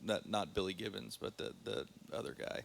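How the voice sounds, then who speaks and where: A man's voice: sits low, moderate pace, gravelly, slight background noise. Laid-back man telling stories. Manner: relaxed storyteller, many fillers. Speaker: caterer guest. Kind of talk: casual interview chat.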